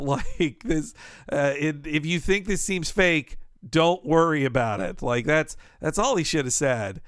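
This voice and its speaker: A chatty podcast co-host who laughs easily and slips into acted-out quotes. His voice sits a touch high and rings clean, and it is recorded close and dry. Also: lively intonation, unhurried, fairly bright tone, smooth, dry recording. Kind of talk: casual chat.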